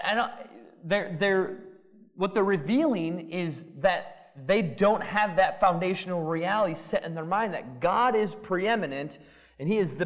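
Conversational preacher in a reverberant hall. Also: male voice, high voice. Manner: conversational, emphatic, frequent "right?" and "like". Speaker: pastor. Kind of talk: sermon. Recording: long reverb of a large hall.

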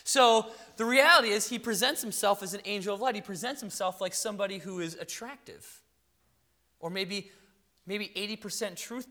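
Animated high-voiced male preacher. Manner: animated, conversational preaching with rhetorical questions. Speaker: pastor. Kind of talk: sermon.

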